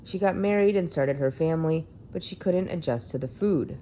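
Low, mellow woman reading a story aloud. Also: moderate pace, a little hiss or hum. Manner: plain narrating read-aloud delivery. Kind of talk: reading a feature article aloud.

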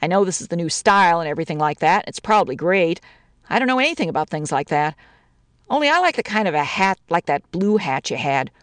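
A folksy young newlywed husband, done by a woman, who fumbles for words while trying to smooth things over. His voice bounces around a lot. The sound is dry and close. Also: fairly low pitch, big pitch swings, quick pace, dry recording. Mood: defensive. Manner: soothing, fumbling, folksy slang. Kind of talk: dramatic story reading.

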